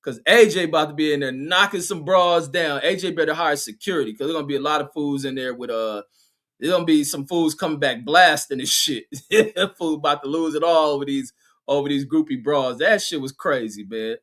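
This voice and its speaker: High-pitched, profane streaming host. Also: male voice, normal speed. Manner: loud, profane, laughing, riffing on chat comments. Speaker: livestream host. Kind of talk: casual livestream commentary reading chat.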